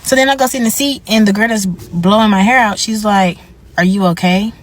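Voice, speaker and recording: Lively young woman telling a storytime rant. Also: mid-range voice, brisk, a little hiss or hum. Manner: animated, acts out dialogue. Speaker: vlogger.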